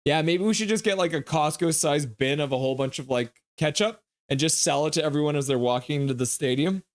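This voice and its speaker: A man's voice: on the high side, quick pace, no echo. Man joking through a live game stream. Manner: jokey, teasing, reads chat messages aloud. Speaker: streamer reading live chat. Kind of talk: casual live game reaction.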